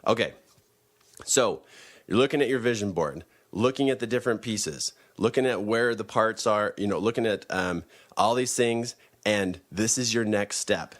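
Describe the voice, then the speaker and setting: A man's voice: lowish voice, normal speed. A man giving a motivational teaching talk, emphatic and repeating his key phrases.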